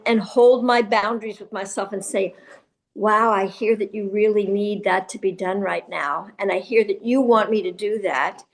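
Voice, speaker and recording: A woman giving a spiritual class in a temple, talking in a gentle, reflective way with pauses. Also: mid-range voice. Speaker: class speaker.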